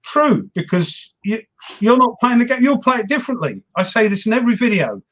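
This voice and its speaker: A man's voice: very high voice, very animated, fairly quick, a bit bright, lo-fi sound. A man hosting a wargaming chat show, rambling and self-mocking as he talks through his games. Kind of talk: casual chat.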